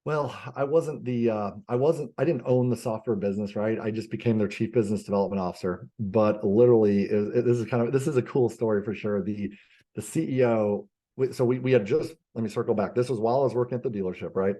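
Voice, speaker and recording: Business coach guest: male, low mellow voice, animated storyteller, loose with fillers and restarts. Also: fast talker. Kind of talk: conversational podcast interview.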